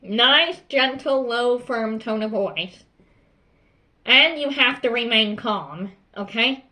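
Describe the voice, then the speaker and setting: Woman voicing a bright, firm school principal. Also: on the high side, expressive, slow, exaggerated voice. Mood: instructing. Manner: instructive, firm, repeats "okay?". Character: strict but calm adult female school principal.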